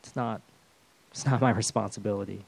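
A man's voice: lowish voice, steady tone, fairly quick, creaky, a little mellow, breathy edge. A man preaching a sermon as a pastor, conversational with self-deprecating humor.

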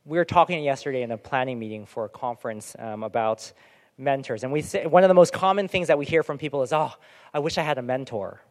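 A man preaching a sermon as pastor, lively and animated, dropping to soft, near-whispered prayer lines. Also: mid-range voice, quick pace. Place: church hall. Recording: long hall reverb.

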